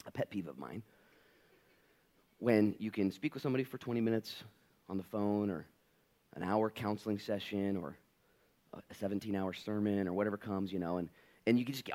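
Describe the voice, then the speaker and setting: A male pastor preaching a sermon in an animated, conversational and playful way. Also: on the low side, a little fast, long pauses.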